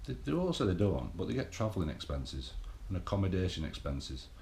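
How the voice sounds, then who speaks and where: A middle-aged English bodybuilding vlogger talks to camera in a casual, rambling, sweary motivational monologue. His voice sits low and mellow with vocal fry, very animated and a little quick. The echoey room carries slight background noise.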